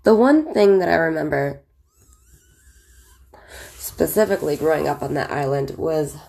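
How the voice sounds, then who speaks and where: Woman, 30s, vocal fry, deep voice; relaxed, candid storyteller full of fillers. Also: moderate pace. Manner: chatty and candid, with frequent fillers and laughs. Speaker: vlogger. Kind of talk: casual storytelling, recalling childhood.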